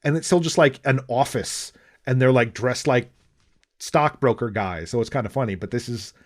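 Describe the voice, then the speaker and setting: Speaking at a moderate pace in a mid-range voice, a man co-hosts a podcast and casually chats about a movie. His talk rambles, full of fillers, restarts, and the occasional swear.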